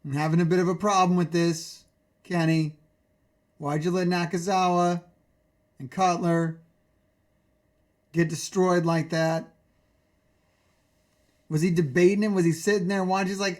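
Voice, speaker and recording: A man streaming, ranting about a wrestling show in a profane, excitable way, full of incredulous questions. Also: sits high, measured pace, long pauses.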